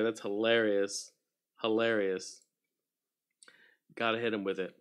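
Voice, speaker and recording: A man's voice: lowish voice, flat delivery, slow pace, pauses often, clear, resonant tone. A man hosting a casual livestream, chatting loosely, greeting viewers by name and muttering to himself while he fixes his setup. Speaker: livestream host.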